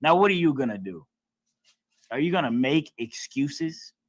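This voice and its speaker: This man teaches a class in a preaching style, his fairly high voice animated and moving at a moderate pace. He's emphatic and blunt, using casual everyday speech with some swearing, and mocks other people by acting out their lines. No room sound is audible.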